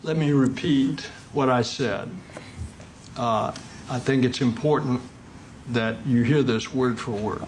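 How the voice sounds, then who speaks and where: Male official, slow and folksy, press briefing, faint room noise. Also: medium pitch, darkish tone. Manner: folksy, emphatic assurances. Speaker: government agency official. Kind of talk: answering questions at a press briefing.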